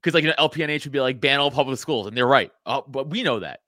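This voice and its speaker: A man hosting a podcast, talking bluntly and profanely and acting out quoted people in animated asides. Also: medium pitch, racing, dry recording. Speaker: podcast host. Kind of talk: casual podcast chat.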